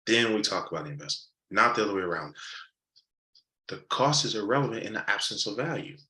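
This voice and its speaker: Animated male sales coach, roomy sound. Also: fairly low pitch, fast talker. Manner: animated, acts out customer dialogues; repeats key points for emphasis. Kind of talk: live sales training session. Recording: roomy echo.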